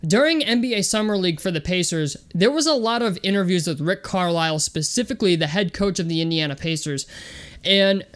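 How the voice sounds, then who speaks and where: A man's voice: sits high, a little fast, fairly bright tone, clear, resonant tone. A young man hosting a sports vlog, talking casually and loosely with lots of fillers. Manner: chatty, loose and conversational with many fillers.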